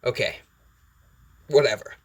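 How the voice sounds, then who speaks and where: A man doing a gruff exasperated dad. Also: measured pace, close to an everyday voice. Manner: gruff, grumbling. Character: gruff, exasperated middle-aged father.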